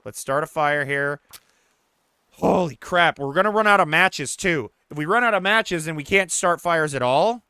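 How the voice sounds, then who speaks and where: Male let's-play host, casual commentary, excitable and profane, with a dry, close sound. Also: fairly high pitch, normal speed, clean tone, no echo. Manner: excitable, swears and shouts at misses; talks to the player character and the audience.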